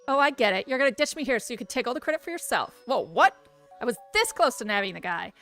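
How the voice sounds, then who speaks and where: A woman voicing a brash, hotheaded male detective in a loud, pushy manner, reading game text aloud. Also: very animated, fast, soft background music, exaggerated voice. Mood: riled up. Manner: loud, pushy, raised high pitch.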